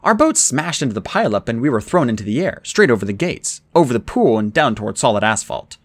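A man reading an adventure novel aloud in the first person, with an expressive, dramatic delivery. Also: medium pitch, fairly quick, no room sound. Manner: expressive, dramatic reading with raised character lines. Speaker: audiobook reader.

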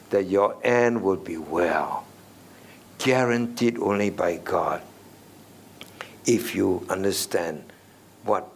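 A middle-aged man preaching an expository sermon as senior pastor, stressing key words and putting rhetorical questions to the congregation. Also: medium pitch.

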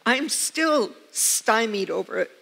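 This older woman from the United States pastors from a church sanctuary, where long reverb lingers. Her voice is a little high, gravelly, and fairly bright, slow but expressive, as she preaches a sermon built on personal stories and earnest, emphatic repetition.

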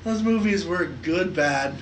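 A man co-hosting a podcast, talking in an animated, excitable way and swearing freely. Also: high-pitched, a little slow, reverberant, a little hiss or hum, rough recording. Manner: animated, profane, excitable storytelling. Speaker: podcast co-host. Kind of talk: casual podcast chat.

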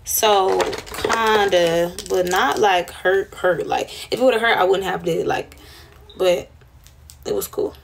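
A woman's voice: fairly low pitch, takes it slowly, gravelly, a little hiss or hum. A young woman chatting casually on a livestream, telling a rambling, slangy, profane story to her viewers.

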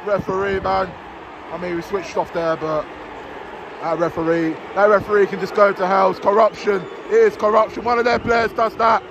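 Angry football fan filming himself in the stands; high, shouting voice over a loud, noisy crowd. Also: male voice, steady tone, moderate pace. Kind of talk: live match reaction from the stands. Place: football stadium stands, outdoors. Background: roaring crowd.

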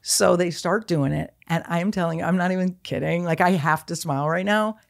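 A woman in her sixties with a low voice chats as a podcast guest. She talks bluntly and swears freely, acting out her stories with lots of energy. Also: brisk, gravelly. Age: 60s. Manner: blunt, profane, animated storytelling. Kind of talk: casual chat.

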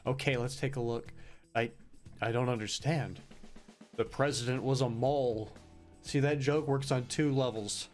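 A man's voice: mid-range voice, steady tone, normal speed, faint music behind. A man giving let's play commentary on a video game, joking, swearing casually and reacting with playful disbelief. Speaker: gaming YouTuber.

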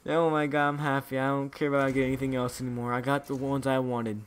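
A man's voice: mid-range voice, flat delivery, fast talker, slight background noise. A young man hosting his own gaming channel, talking casually and restlessly to his viewers while opening supply drops. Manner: chatty, restless, talks to viewers as "guys".

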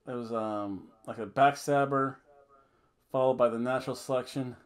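A man's voice: medium pitch, steady tone, moderate pace. A man giving a casual, rambling, jokey wrestling review full of fillers and restarts.

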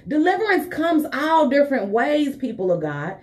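A woman's voice: sits high, big pitch swings, moderate pace. Fervent woman preaching a live sermon. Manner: fervent, conversational, calls listeners honey and baby. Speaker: apostle preaching a morning live stream.

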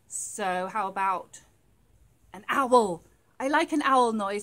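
A woman presenting a library rhyme time for small children, talking to them at home in an animated way and making playful animal noises. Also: medium pitch, slow.

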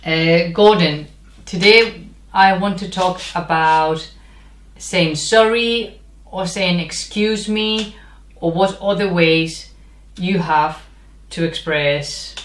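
A woman's voice: fairly low pitch, slow. A woman hosting a casual language vlog, chatty, searching for words and slipping in Spanish phrases. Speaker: English teacher and vlog host. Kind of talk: casual chat. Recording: echoey room.

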